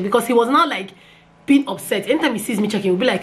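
A young woman with a Nigerian accent telling a personal story in a casual vlog, animated and repeating phrases. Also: rapid-fire. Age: young adult. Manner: animated, repeats phrases, pitch jumps when excited. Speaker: vlogger.

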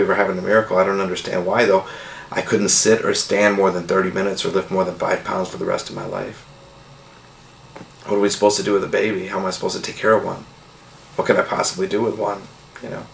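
A middle-aged man telling his healing testimony in a casual, earnest, rambling way, full of "you know" and soft laughs. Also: low voice, creaky. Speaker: testimony speaker. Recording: echoey room with faint noise.

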